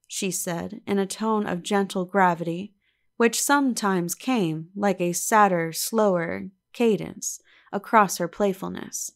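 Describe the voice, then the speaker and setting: A woman reading a classic novel aloud in measured, calm scripted narration. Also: on the low side, gravelly. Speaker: audiobook narrator.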